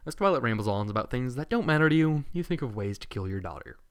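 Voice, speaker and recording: Guy reading fanfic out loud, lively pitch, dry close mic, mutters asides. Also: quick pace, few pauses, no echo. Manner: amused asides, muttered commentary. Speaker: fanfiction reader. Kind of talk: reading a fan story aloud.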